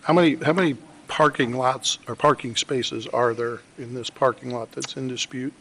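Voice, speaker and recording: A man's voice: mid-range voice, steady tone, moderate pace, a bit bright, slightly rough. A man serving as mayor, chairing a council meeting with brief procedural remarks. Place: council chamber.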